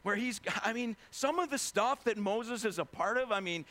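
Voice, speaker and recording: A man preaching a sermon as a pastor, animated and conversational, acting out scenes in casual voices. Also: very high voice, moderate pace. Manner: animated, acts out biblical figures in casual voices.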